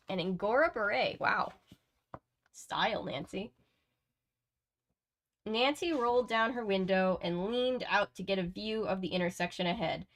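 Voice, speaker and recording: Woman reading aloud with chatty asides. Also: mid-range voice. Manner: chatty, laughs at herself, digresses often. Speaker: book-reading channel host. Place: home editing room.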